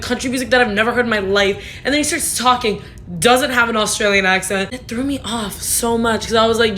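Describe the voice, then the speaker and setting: Brief: young woman, TikTok-style rant to a phone camera, frank and chatty, light background rumble. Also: fairly bright tone. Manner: chatty, frank, swears, lots of "like". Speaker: TikTok creator. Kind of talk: casual talk to camera.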